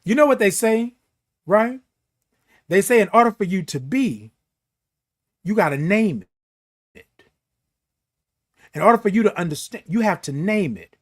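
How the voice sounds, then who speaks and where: High-voiced, emphatic motivational host. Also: male voice, expressive, measured pace, pauses often. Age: middle-aged. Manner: emphatic and preachy, repeats key phrases, drags out words for stress. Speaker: host of a morning live show. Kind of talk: motivational live-stream talk, reading viewer comments.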